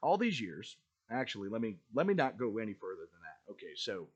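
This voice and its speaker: A man hosting a podcast in casual commentary, who clears his throat often and wanders into asides while reading a speech aloud. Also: lowish voice, sing-song, quick pace, dull audio. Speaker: podcast host.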